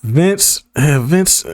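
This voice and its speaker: Slangy reaction streamer man, lively pitch. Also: no room sound, studio quality. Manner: slangy, laughing asides. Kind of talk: casual reaction commentary.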